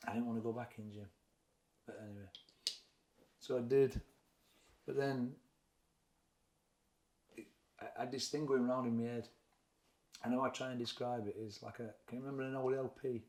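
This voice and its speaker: A man's voice: medium pitch, fairly even intonation, moderate pace, pauses often, a little mellow. A middle-aged man with a Sheffield Yorkshire accent, a boxing trainer telling his story frankly and reflectively in an interview. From Sheffield, England. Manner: frank, reflective, plain-spoken. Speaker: boxing trainer and former fighter. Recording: echoey room.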